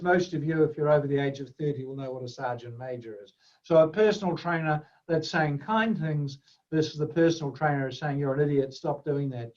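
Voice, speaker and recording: A man's voice: medium pitch, a little mellow. A man presenting a webinar lecture, conversational and full of fillers and restarts. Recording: dull lo-fi webinar audio.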